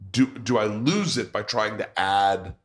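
Guy w a lowish voice telling a funny story, laughing a lot, chatting in a pub. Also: unhurried. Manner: storytelling, laughs often, restarts. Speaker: podcast host. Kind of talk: casual chat.

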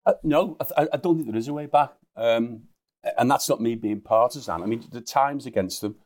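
A man's voice: medium pitch, a little fast, darkish tone. A man, a guest journalist in a casual chat, chuckling and often restarting his sentences.

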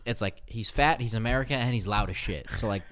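A man's voice: fairly low pitch, fast talker, a bit bright. A young man co-hosting a casual podcast, telling rambling, profane stories and laughing as he talks. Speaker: podcast co-host.

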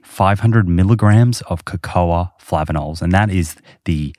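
Man, podcast host, very deep voice, dry close mic, thoughtful explaining. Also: a little slow, darkish tone, no echo. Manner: explains studies at length with many fillers. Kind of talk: casual chat.

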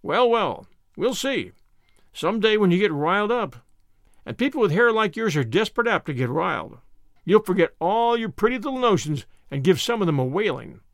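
A man's voice: high voice, big pitch swings, normal speed, fairly bright tone, no echo, clean studio sound, exaggerated voice. A man voicing a blunt, teasing older farmer with folksy speech in a storybook reading.

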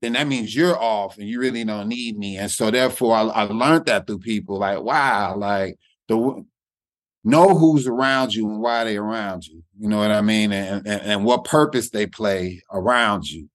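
A middle-aged male comedian, appearing as a guest, tells a personal story in a reflective interview, looping back and repeating words. His voice is on the low side, at a moderate pace, with no echo.

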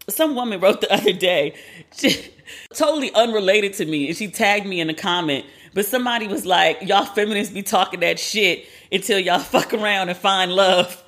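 A woman's voice: mid-range voice, fairly bright tone. A woman hosting a podcast alone, talking in a chatty, candid, profane way. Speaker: podcast host. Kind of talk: casual solo commentary.

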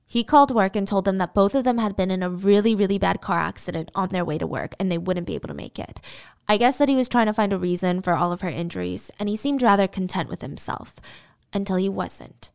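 A woman's voice: mid-range voice, lively intonation, fast, creaky, smooth. A woman retelling a true crime story in a casual, conversational way with personal asides.

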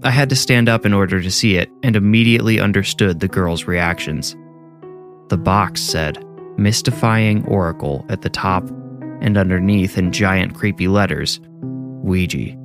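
A young man reads a horror story aloud in a steady, measured way. His voice sits low. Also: over music. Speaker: narrator.

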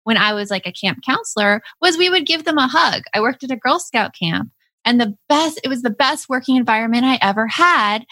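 A woman's voice: on the high side, expressive, fairly quick, pushed and bright, dry recording. A young woman co-hosting a podcast, chatting earnestly and eagerly. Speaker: podcast co-host. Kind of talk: casual chat.

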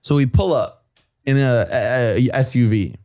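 A man animatedly telling a story on a podcast, acting out the quotes and swearing freely in casual talk. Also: normal speed. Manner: acts out quotes with lively swings in pitch and volume.

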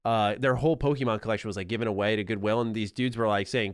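A man's voice: fairly low pitch, fairly even intonation, quick pace, hardly any pauses, clear, resonant tone, no room sound, clean studio sound. A man hosting a casual gaming podcast, rambling and repeating words as he thinks aloud. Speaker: podcast host.

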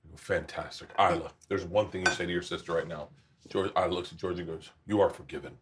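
Loud, profane man telling stories. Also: low-pitched, fairly even intonation, fast, noisy background. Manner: loud, profane storyteller who laughs a lot. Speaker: host. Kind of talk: casual chat over dinner. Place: home kitchen.

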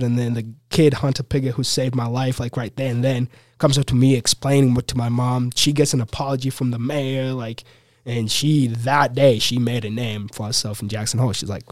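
A young man from Uganda, a podcast guest, telling a personal story in an animated, casual way full of "like" and "you know". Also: mid-range voice, fairly quick, dry recording, studio quality.

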